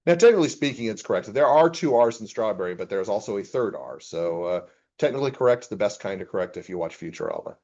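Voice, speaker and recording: A man's voice: lowish voice, very animated, fast talker, warm tone, muffled recording. A man, an accounting professor, giving a casual classroom lecture and reading chatbot replies aloud with his own comments.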